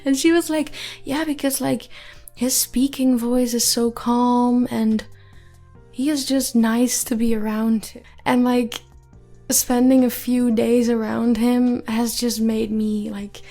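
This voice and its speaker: A young woman in her twenties talks through a relaxed solo podcast, her soft, calm voice sitting a little high with a gravelly edge of fry. She rambles and laughs easily as she goes. Faint music plays quietly behind her. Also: slow pace. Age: 20s. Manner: rambling, giggly, many fillers. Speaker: podcast host. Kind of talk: casual solo podcast chat.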